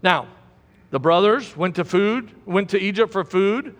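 A man's voice: high voice, animated, unhurried, a bit bright, in a large hall. A man preaching a sermon as pastor, emphatic and repeating key words for stress.

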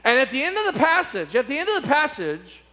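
A middle-aged male pastor preaching a sermon with emphatic repetition, dramatic pauses and sweeping swings in volume. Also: very high-pitched, wildly swooping pitch, sharp tone.

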